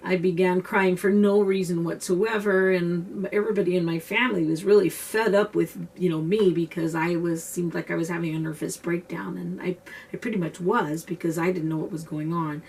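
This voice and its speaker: A woman with a husky, slightly low voice talks earnestly to the camera, explaining her experience in a loose, conversational way. She sits some distance from the microphone, so her voice sounds set back. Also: fairly even intonation, moderate pace, a little mellow. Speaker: self-described empath teaching a technique. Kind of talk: casual explanatory talk to camera.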